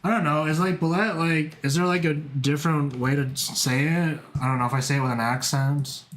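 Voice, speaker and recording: A man's voice: a little high, steady tone, brisk, fairly bright tone, echoey room. A man chatting casually while drawing on a livestream, rambling, swearing a lot and laughing often. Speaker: art streamer.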